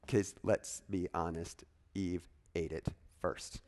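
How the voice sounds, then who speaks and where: A pastor preaches a sermon in a low voice at a slow pace. His style is animated and conversational, with frequent asides to the congregation.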